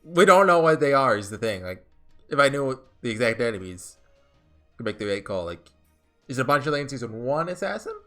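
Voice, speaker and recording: A man's voice: mid-range voice, sing-song, brisk, fairly bright tone, soft background music. A man in casual gameplay commentary, rambling with lots of fillers and restarts. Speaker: game streamer.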